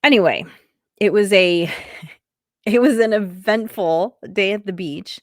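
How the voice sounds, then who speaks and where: A woman's voice: mid-range voice, unhurried, no echo, clean studio sound. A woman hosting a podcast, sharing a personal story in a conversational, thoughtful way with light laughs now and then. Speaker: podcast host.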